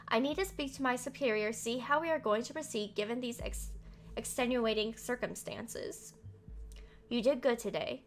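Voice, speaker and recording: A woman streaming a game live, reading its text aloud and chatting back at the story in a lively, talkative way. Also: on the high side, slight background noise.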